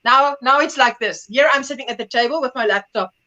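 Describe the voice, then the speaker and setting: A woman's voice: high-pitched, brisk, muffled recording. A middle-aged woman hosting a livestream, chatting casually and acting out the voices in her stories. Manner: animated storyteller, acts out quoted voices. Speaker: livestream host. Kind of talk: casual chat.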